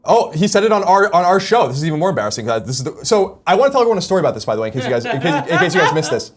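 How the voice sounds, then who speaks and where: Fast-talking male co-host. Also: fairly high pitch, big pitch swings, a crowd in the background. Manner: fast, rambling with restarts. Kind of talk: casual chat and news reading.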